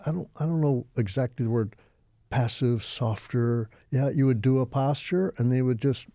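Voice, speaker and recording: A man's voice: mid-range voice, normal speed, dark tone, no echo, clean studio sound. An older man from Texas, a yoga teacher and interview guest, telling his stories vividly and with animation. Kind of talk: storytelling interview.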